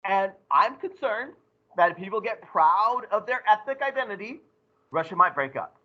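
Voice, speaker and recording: A male teacher giving an animated, joking classroom lecture to his students. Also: high voice, moderate pace, highs cut off.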